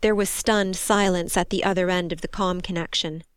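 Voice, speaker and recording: A woman reading a war story aloud in steady, measured scripted narration. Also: fairly low pitch, clean tone, dry recording, clean studio sound. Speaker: audiobook narrator.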